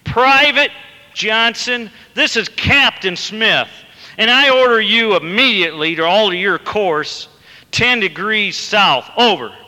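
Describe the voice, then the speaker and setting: A man playing a proud navy captain who shouts orders over the radio, in a long-reverb hall. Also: fairly high pitch, expressive, slow, full character voice. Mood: furious.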